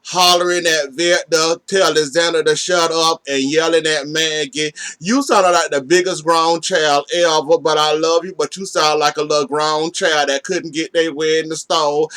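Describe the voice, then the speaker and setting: A man's voice: a little high, a bit bright. Sassy man talking to soap characters. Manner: talks straight to the characters, sassy and teasing. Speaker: soap opera recap host. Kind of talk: casual recap commentary.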